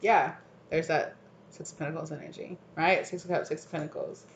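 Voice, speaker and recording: A woman's voice: low voice, a little fast, creaky, noisy background. A woman giving a casual, rambling tarot card reading, full of fillers and frequent laughs. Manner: rambling, chatty, filler-heavy, laughs often. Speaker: tarot reader. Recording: roomy, slightly dull sound.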